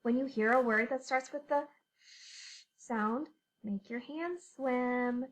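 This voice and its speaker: A woman teacher leading a phonics lesson for young children, animated and sing-song, reading a storybook aloud. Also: a little high, takes it slowly.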